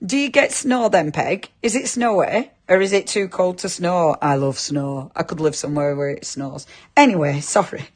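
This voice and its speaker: A woman's voice: on the low side, moderate pace, few pauses, a little mellow. A woman presenting a live craft shopping show, chatting and giggling as she reads viewer comments.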